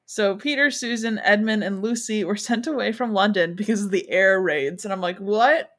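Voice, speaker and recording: A woman's voice: medium pitch, brisk, fairly bright tone. A young woman hosting a book podcast, chatting casually with blunt, wry opinions and reading passages aloud. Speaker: podcast host.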